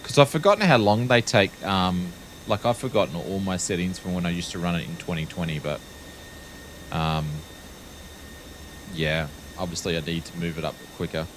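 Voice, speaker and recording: A man's voice: low-pitched, normal speed, background noise. A man with an Australian accent giving wry, casual commentary on a live stream, with frequent ums. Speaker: flight sim streamer.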